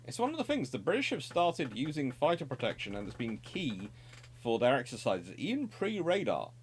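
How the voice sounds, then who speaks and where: A man's voice: mid-range voice, wildly swooping pitch, moderate pace. A middle-aged man presenting naval history in an unscripted, discursive explanatory monologue. He corrects himself often and adds wry asides.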